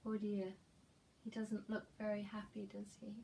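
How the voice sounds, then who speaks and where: A woman teacher reading a picture book to young children, asking gentle coaxing questions and dropping into whispers. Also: medium pitch, monotone, normal speed, vocal fry. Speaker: preschool teacher. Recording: distant mic with faint background noise.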